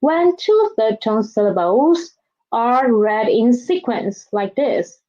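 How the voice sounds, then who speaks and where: Slowly and lyrically, a female Chinese teacher leads a read-after-me vocabulary drill in the classroom, saying every word twice with careful, stretched pronunciation. Her voice is a little high and dark in tone, with lively intonation. The lo-fi recording sounds dull.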